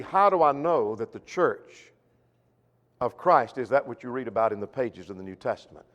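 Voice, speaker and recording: A man preaching a sermon, emphatic, slowing on key points and asking rhetorical questions. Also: mid-range voice, muffled recording. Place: church auditorium. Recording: long hall reverb.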